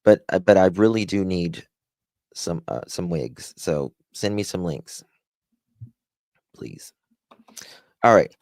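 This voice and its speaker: Southern guy rambling on a live stream, deep voice, dry close mic. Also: lively intonation, slow pace, long pauses, a little mellow, no room sound. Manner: rambling, reads chat aloud and thanks viewers. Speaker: livestream host. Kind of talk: casual livestream chat.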